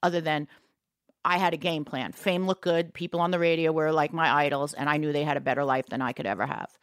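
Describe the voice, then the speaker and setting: Female guest singer from New York, deep gravelly voice, dry close sound; frank and reflective. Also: fairly even intonation, fast talker, dry recording. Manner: frank, reflective, calls host baby. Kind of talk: candid casual conversation.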